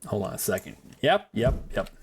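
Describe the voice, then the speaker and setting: Live-streaming a survival game, a man rambles through casual commentary, laughs often, and calls himself a yapper. His fairly low, creaky voice moves quickly and swings hugely in pitch, with slight background noise behind it.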